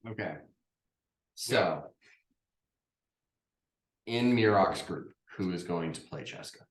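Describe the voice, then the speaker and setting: A man's voice: low voice, animated, slow pace. A man running a tabletop game as game master, explaining plainly in casual chat with some swearing. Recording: echoey room.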